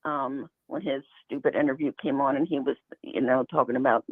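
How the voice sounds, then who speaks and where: A man's voice: mid-range voice, steady tone, a little fast, dry recording. A man calling in to a talk show, talking in a hesitant, rambling, suspicious way. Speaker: caller. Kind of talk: phone-in call. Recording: phone line.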